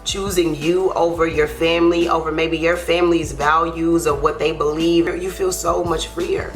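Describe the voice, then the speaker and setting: A young woman with a slightly low voice tells a heartfelt storytime, earnest and unpolished, dotting her talk with casual fillers. Soft music plays faintly underneath. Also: little pitch movement, moderate pace. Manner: earnest, heartfelt, loose with fillers like "like" and "you know". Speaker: YouTube co-host. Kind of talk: emotional storytime.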